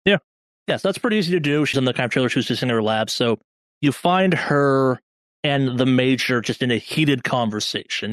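Brief: male GM, mid-pitched, easygoing narration, dry. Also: no room sound. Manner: casual, hedging with "kind of" and "like". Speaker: game master. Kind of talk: narrating a tabletop game.

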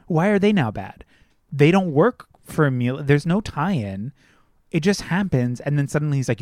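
Man, film podcast co-host, heated rant, swearing, medium pitch, dry close mic. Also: expressive, moderate pace, a little mellow, no echo. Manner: heated, ranting, swears freely. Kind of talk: casual film review chat.

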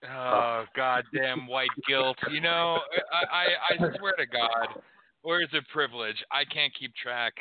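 A man's voice: mid-range voice, slow pace, a crowd in the background. A man hosting a call-in political radio show on a headset, ranting in a brash, profane, sarcastic way. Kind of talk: casual political radio chat. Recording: tinny phone-like audio.

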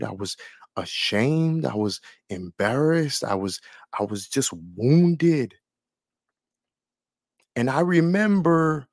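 A man tells his personal faith story with deep feeling, circling back to the same words again and again. His voice is strongly gravelly and husky, sitting a little high. The sound is close and dry. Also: no room sound. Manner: earnest, emotional, repeats phrases for emphasis. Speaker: testimony speaker.

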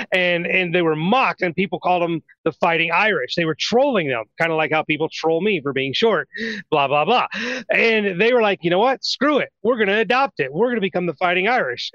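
A man's voice: on the high side, sharp tone, no room sound, muffled recording. A man co-hosting a casual sports talk show, blunt and profane, laughing often. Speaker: sports podcast co-host.

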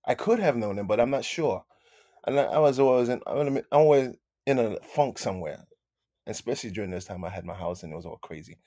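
A man telling stories as a guest in a casual interview, animated, repeating his phrases and calling people "man". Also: mid-range voice, brisk, no room sound, clean studio sound. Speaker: guest musician.

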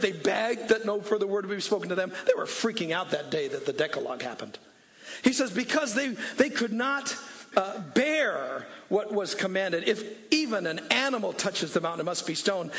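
A man preaching a sermon, swinging between shouted scripture quotes and soft, conversational asides. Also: sits high. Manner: animated preaching, rising to shouts when quoting scripture. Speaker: pastor.

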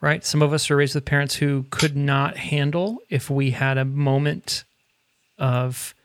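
A man's voice: fairly high pitch, fairly even intonation, measured pace, clean tone, dry recording. A man co-hosting a casual spiritual conversation, plain-spoken and lightly humorous. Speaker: podcast co-host.

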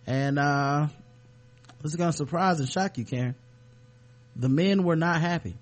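Chatty man hosting a podcast, higher voice. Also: moderate pace. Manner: loose and conversational, clears his throat often. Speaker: podcast co-host. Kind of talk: casual chat.

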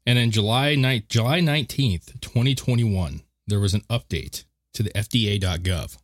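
A man's voice: lowish voice, normal speed. A man co-hosting a podcast in casual banter, joking and swearing freely. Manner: joking, profane, rambling. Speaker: podcast co-host.

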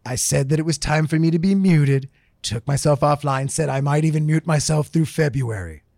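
Man doing a foul-mouthed self-styled online tough guy, vengeful, shouty threats, dry close sound. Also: a little high, moderate pace, creaky, no echo, pitched below the performer's own voice. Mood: smug. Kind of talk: comedic rant bit.

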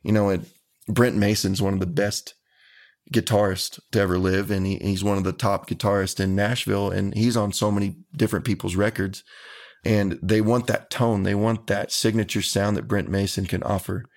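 A man's voice: fairly low pitch, flat delivery, normal speed. A man, a country singer talking earnestly and unhurriedly as an interview guest. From Texas. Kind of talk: casual interview talk.

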